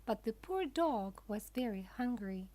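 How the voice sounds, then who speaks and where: Slow, careful woman reading a storybook. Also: on the high side, animated, a little mellow, no room sound. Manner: careful, clear, deliberate. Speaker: narrator. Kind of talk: slow storybook narration for learners.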